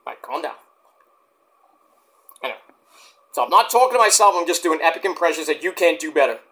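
A man's voice: fairly high pitch, expressive, very fast, sharp tone. A man hosting a wrestling vlog, rambling casually to camera with profanity and self-deprecating asides. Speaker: wrestling vlogger.

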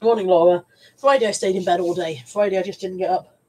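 A woman's voice: fairly low pitch, fast talker, dark tone, husky, low-quality recording. A woman with a stuffy head cold, chatting in a rambling, self-mocking way on a live stream from home. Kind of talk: casual live-stream chat.

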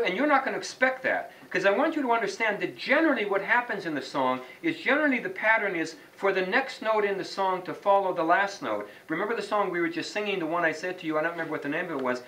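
A man's voice: sits high, expressive, fast talker, hardly any pauses, bright, forceful tone. A man teaching a class how to read chant notes, quizzing students by name and singing short examples. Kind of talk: classroom lesson. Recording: distant mic, faint background noise.

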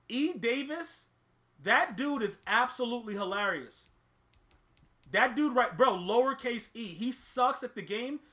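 Gaming host, male, very high bright voice, excitable slangy trash-talk commentary. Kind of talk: ranting live gameplay commentary.

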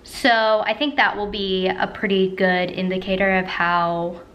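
A woman's voice: mid-range voice, fairly even intonation, measured pace, muffled recording. A woman beauty vlogger doing casual check-ins at home, chatty and upbeat, with lots of "like" fillers. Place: at home by large glass doors.

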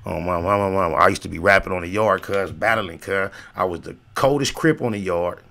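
An older man talks casually to his livestream audience in a loose, slang-filled ramble. His voice sits low and has a gravelly, fry-heavy grain. He wanders between stories and shout-outs with plenty of filler words. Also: fairly quick. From Los Angeles area, USA. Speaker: host.

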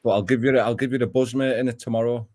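A man's voice: mid-range voice, steady tone, racing, darkish tone, no echo. A man interviewing a guest in easygoing chat, laughing often and swearing casually.

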